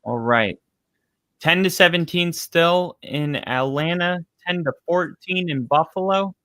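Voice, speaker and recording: A man's voice: on the high side, a little slow, no room sound, low-quality recording. A man hosting a live football reaction stream, chatting casually and reacting to plays. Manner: casual, reacts loudly to plays and baby-talks his dog. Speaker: livestream host.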